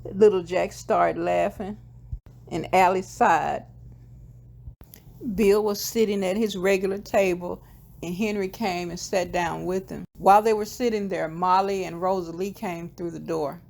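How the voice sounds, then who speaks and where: A woman's voice: lowish voice, fairly even intonation, unhurried, gravelly, darkish tone. A woman casually retelling a TV episode scene by scene, quoting the characters' lines in her ordinary voice, with the odd filler and self-correction. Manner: retells scenes step by step, quoting dialogue in plain voice. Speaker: TV episode recapper. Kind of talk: casual plot recap.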